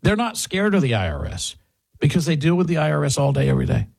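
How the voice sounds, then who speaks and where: A man with a somewhat high voice does a live-read radio advertisement. He sounds urgent and persuasive. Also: very animated, fast, gravelly, a little mellow, husky. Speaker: radio host reading an ad.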